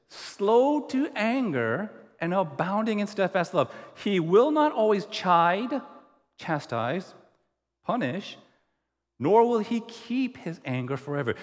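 A man's voice: on the high side, long reverb tail. A man preaching a sermon as pastor, emphatic and repeating phrases for weight.

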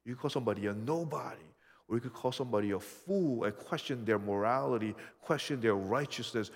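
A man preaching a sermon as pastor, emphatic, dropping low and quiet then rising loud for stress. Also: fairly quick, slightly rough, big-room sound.

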